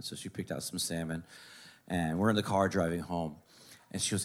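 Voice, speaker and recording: A man with a fairly low voice tells a long family story on stage in loose, profane stand-up patter. He jumps into high, sharp voices whenever he quotes his mother, then drops back to his own easygoing delivery. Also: a little fast. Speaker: stand-up comedian.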